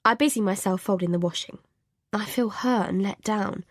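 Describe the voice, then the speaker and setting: A woman's voice: medium pitch, normal speed, dry recording. Female audiobook narrator, first-person, tense confessional read, dry sound. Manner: anxious, confessional inner voice.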